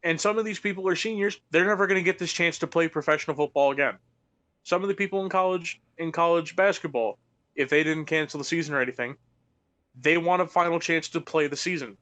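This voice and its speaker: A man's voice: fairly high pitch, fast, pushed and bright. A young man co-hosting a casual sports talk stream, ranting heatedly and swearing often. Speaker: co-host.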